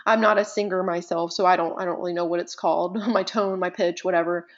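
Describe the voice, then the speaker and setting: A woman teaching presentation skills in a live online session, talking conversationally with deliberate pauses and shifting loudness. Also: lowish voice, dull audio. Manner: animated, conversational, uses deliberate pauses and vocal dynamics.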